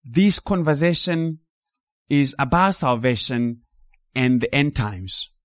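A man preaching a sermon in an animated, emphatic way, rising to loud peaks and dropping low. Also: takes it slowly, no room sound, clean studio sound.

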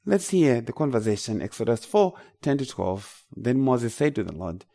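A man's voice: medium pitch, animated, moderate pace, gravelly, hardly any pauses, dark tone. A man with a Zimbabwean accent, from Zimbabwe, preaching a sermon with emphatic, rising declarations.

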